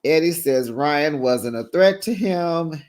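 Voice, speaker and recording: A host with a mid-pitched voice gives a sassy, gossipy reality TV recap, talking straight to the viewers. The pace is slow and unhurried, with lots of drawn-out asides. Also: animated, darkish tone. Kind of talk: casual commentary recap.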